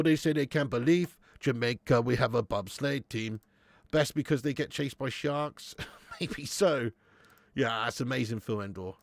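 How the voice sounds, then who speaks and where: A young man hosting a live football watch-along, chatting with viewers, laughing often and swearing freely when excited. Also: medium pitch, dry recording. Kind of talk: live match commentary and chat with viewers.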